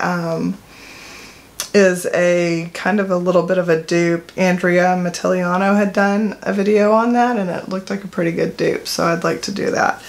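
Against a noisy background, a middle-aged beauty vlogger with a fairly low voice chats casually to camera about her makeup collection. She rambles, dropping fillers and correcting herself.

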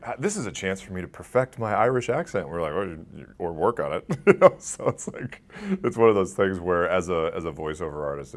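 A man's voice: low voice, vocal fry. A man working as a voice actor, answering interview questions in a rambling, casual way and laughing often. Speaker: voice actor guest.

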